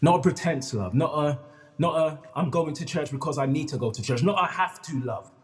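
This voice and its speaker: A guest storyteller shares an emotional personal story in an earnest, expressive, slightly high male voice. He talks briskly, repeats phrases, and calls the host by name, all under a long hall reverb.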